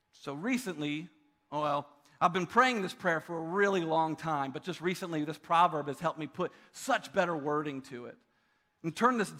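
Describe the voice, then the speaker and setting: A man's voice: high voice, bright, forceful tone. A man in his thirties preaching a sermon as a pastor, telling a personal story in an earnest way. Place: church auditorium.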